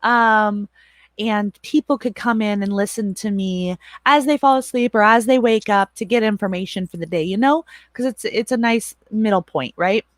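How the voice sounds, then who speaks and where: A woman in her thirties hosts a casual livestream, talking loosely to her viewers at a middle pitch. She rambles, laughs often and swears offhandedly. Her voice sits close and dry, with no room sound. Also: normal speed, no echo. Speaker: livestream host and moderator.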